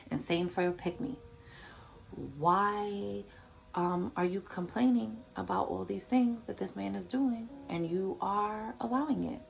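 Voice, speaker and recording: A woman's voice: mid-range voice, unhurried, gravelly. A woman vlogger giving motivational commentary in an emphatic, repetitive, preachy manner.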